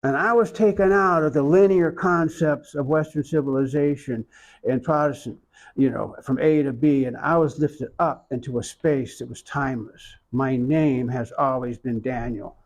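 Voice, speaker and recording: Gravelly older man from Oklahoma. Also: on the high side, low-quality recording. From Oklahoma, USA. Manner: slow, reflective storytelling with many pauses. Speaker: interviewee, iconographer. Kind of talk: storytelling in an interview.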